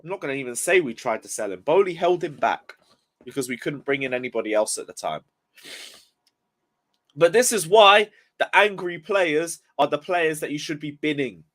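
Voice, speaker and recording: A young man, just out of bed and still yawning, vents about his football club on a live stream. He swears freely and reads viewers' comments aloud in a frustrated, casual rant. His voice sits a little high for a man. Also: expressive, moderate pace, a bit bright. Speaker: football livestreamer.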